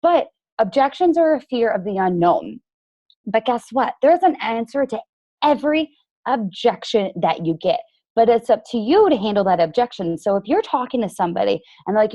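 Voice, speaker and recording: A woman's voice: fairly high pitch, big pitch swings, moderate pace, dark tone, dry recording. A woman business coach leading a team training call, chatty and emphatic with a sarcastic streak.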